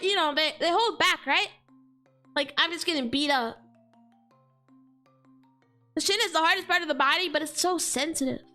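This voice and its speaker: A woman's voice: very high-pitched, sharp tone. A woman streamer in casual chat, slangy and exclaiming, heavy on fillers like "like" and "dude".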